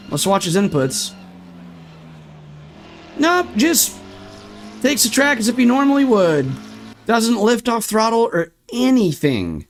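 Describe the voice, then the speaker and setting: A young man streaming sim racing, ranting in frustration and swearing while walking through replay footage. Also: extremely high pitch. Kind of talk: ranting livestream commentary.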